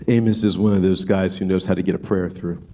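A man preaching an expository sermon, talking it through casually with frequent restarts and acting out quoted pleas. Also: fast. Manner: animated, acts out quoted pleas in a high voice; conversational, repeats words as he thinks aloud. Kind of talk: expository Bible teaching.

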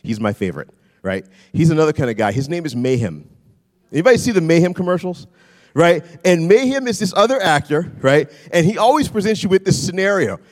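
A man's voice: a little high, expressive, brisk. A man preaching a conversational sermon as a pastor, often repeating his questions. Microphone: handheld mic, swapped mid-sermon. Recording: long hall reverb.

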